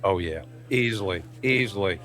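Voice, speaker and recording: A middle-aged man with a deep voice, co-hosting a radio show, chatty and joking. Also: normal speed, fairly bright tone. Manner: jokey, chatty storyteller. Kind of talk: casual radio chat.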